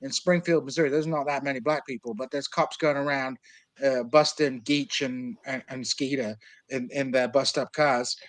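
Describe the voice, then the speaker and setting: A man's voice: medium pitch, fairly even intonation, normal speed, rough recording. A man of Kurdish background talking politics on a podcast in a discursive, argumentative way, with many fillers.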